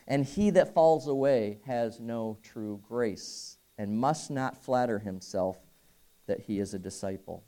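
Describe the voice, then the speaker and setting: Emphatic man preaching, mellow tone. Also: medium pitch, a little slow. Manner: earnest, emphatic preaching with rising bursts of intensity and rhetorical questions. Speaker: pastor. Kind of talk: sermon.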